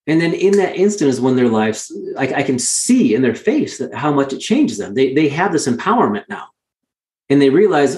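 A man's voice: on the high side, big pitch swings, normal speed, darkish tone, echoey room. A male guest telling candid stories in an earnest, emphatic way, often restarting his words. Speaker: guest, mountain guide. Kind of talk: candid conversational storytelling.

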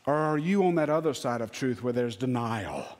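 A man preaching a sermon as pastor, earnest, dropping to hushed low lines and rising to emphatic ones. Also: expressive, normal speed. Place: church sanctuary. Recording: long church hall reverb.

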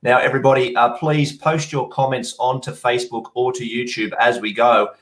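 A man's voice: medium pitch, little pitch movement, normal speed, a bit bright. A man hosting a live online rugby show from a home camera setup, chatty and steering the segments. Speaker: show host.

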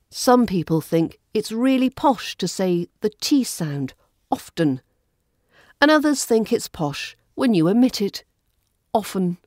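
A woman with a Southern English RP accent, hosting a podcast lesson in a clear, measured teaching voice. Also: medium pitch, darkish tone, no room sound, clean studio sound. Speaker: accent coach and podcast host.

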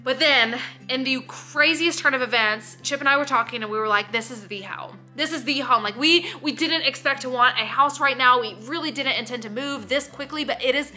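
A young vlogger talks casually to the camera, emotional enough to choke up and laugh, packing her speech with fillers and repeated "like"s. Her voice is high, bright and forceful, fairly quick, with faint music in the background.

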